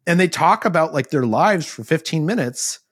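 Lively storytelling man, husky and dry. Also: a little high, normal speed, dry recording. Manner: lively anecdotal storyteller, acts out quotes, many "like" fillers. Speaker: author guest. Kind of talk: animated storytelling in a podcast interview.

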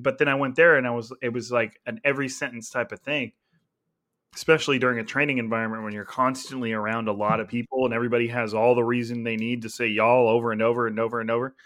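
A man's voice: mid-range voice, fairly bright tone. A man from California hosting a casual sports podcast, chatty and laughing often, with plenty of filler words. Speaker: podcast host.

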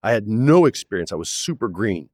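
A man's voice: lowish voice, a little fast, dry recording, clean studio sound. A man in his forties, an actor guest, telling stories in a casual interview and acting out the quotes. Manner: animated storyteller, acts out quotes, says "man" often. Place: studio, in person.

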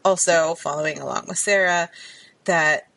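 A woman's voice: on the low side, fairly even intonation, normal speed, a bit bright, no room sound, rough recording. A woman co-hosting a podcast in casual, playful chat. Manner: upbeat, playful, chatty. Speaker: podcast co-host.

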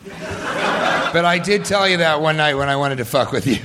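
A man's voice: a little high, lively intonation, unhurried, noisy background. A man answering audience questions in a loose, joking way, often laughing as he tells stories. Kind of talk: live audience Q&A storytelling.

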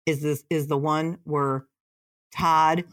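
Middle-aged woman, animated chat storyteller, lowish voice, close dry mic. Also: slow pace, no room sound. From Michigan. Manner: animated storyteller, acts out quotes in raised voices. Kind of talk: casual chat.

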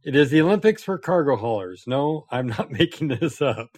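A man's voice: mid-range voice, animated, normal speed, background noise. Exasperated gamer podcast man. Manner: exasperated, self-mocking, sighs and laughs. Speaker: podcast co-host. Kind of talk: casual banter.

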